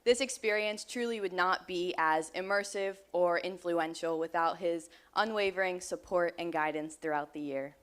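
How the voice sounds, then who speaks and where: A woman's voice: fairly low pitch, normal speed, hardly any pauses, slight background noise. A young woman, a college student, giving a formal, scripted presentation to an audience. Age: young adult.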